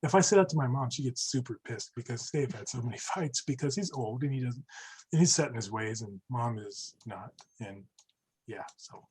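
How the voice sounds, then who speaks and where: A man's voice: mid-range voice, normal speed, a little mellow, breathy edge, poor audio. A young man chatting casually on a podcast, rambling and restarting his sentences often. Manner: rambling, self-interrupting, frequent restarts.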